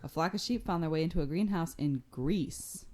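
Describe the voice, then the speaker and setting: A woman's voice: deep voice, normal speed, darkish tone. A woman co-hosting a casual chat podcast, wry and quippy, full of questions. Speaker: podcast co-host.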